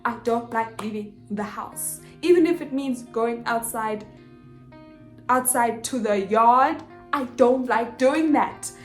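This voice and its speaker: Woman, young adult, expressive storyteller, slightly high voice, echoey room. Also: slow pace. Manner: animated, expressive, acts out dialogue. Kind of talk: casual storytelling vlog. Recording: echoey room with faint music.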